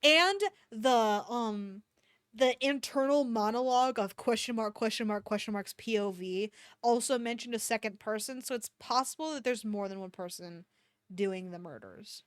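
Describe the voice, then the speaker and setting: A woman's voice: fairly high pitch, moderate pace, smooth, no echo, studio quality. A woman streamer reading fan fiction aloud and breaking off for joking, swearing commentary.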